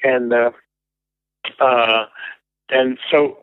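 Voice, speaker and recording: A man's voice: mid-range voice, steady tone, drawn-out words, clean tone, no echo, narrow, tinny audio. A man as a guest in an interview, telling long rambling anecdotes and acting out what others said. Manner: rambling anecdotal storyteller, acts out quoted voices. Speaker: guest musician. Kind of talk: casual storytelling interview.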